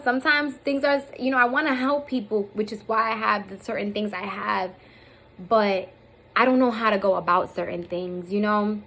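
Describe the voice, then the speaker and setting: A woman's voice: mid-range voice, normal speed, gravelly, bright, forceful tone, low-quality recording. Rambling, emotional woman in her thirties. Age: 30s. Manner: rambling, candid, with fillers and restarts. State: emotional, near tears at times. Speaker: vlogger. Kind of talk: casual heartfelt talk to camera. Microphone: phone or camera on self.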